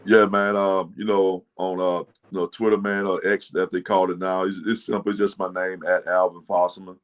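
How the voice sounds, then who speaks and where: Man, from Mississippi, very low voice, football coach guest, relaxed country talk, fillers. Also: moderate pace. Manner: plainspoken country talk, relaxed, lots of "man" and "you know". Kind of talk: casual podcast interview.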